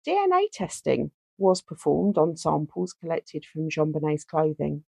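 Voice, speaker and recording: A woman's voice: low voice, measured pace, vocal fry, slightly rough, dry recording. A woman co-hosting a true-crime podcast, joking and swearing in casual chat, then reading case details aloud. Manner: animated, sweary, reads case notes aloud. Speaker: podcast co-host.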